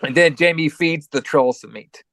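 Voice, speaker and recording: A man with a cold gives a rambling, profane play-by-play of a film. His voice sits a bit high, and the recording is dry and close. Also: normal speed, a bit bright, dry recording. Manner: loose, profane play-by-play with many fillers. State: has a cold. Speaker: podcast co-host. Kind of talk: casual movie recap.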